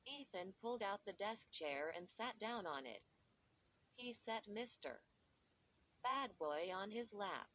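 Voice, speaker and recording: A woman reading a first-person storybook in a measured way, even speaking punctuation marks aloud. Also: medium pitch. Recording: dull lo-fi with faint hiss.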